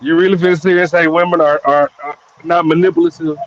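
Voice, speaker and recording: A man's voice: fairly high pitch, little pitch movement, quick pace, muffled recording. A man hosting a casual chat show, teasing and provoking his guests playfully. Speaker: host.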